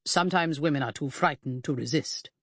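Woman doing a cold, pedantic gentleman detective. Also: low-pitched, dry recording, clean studio sound. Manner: slow, precise, clipped, condescending. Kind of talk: audiobook character voice.

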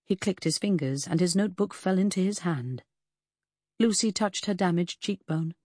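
Low, husky woman narrating. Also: normal speed, darkish tone, no echo, studio quality. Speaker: audiobook narrator. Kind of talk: first-person scripted narration.

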